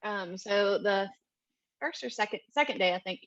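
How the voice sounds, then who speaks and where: A woman on a mission team telling a story in an interview, chatty and animated, with many ums and likes. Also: medium pitch, moderate pace, dry recording, muffled recording. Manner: chatty, full of "um" and "like", animated retelling. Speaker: mission trip team member.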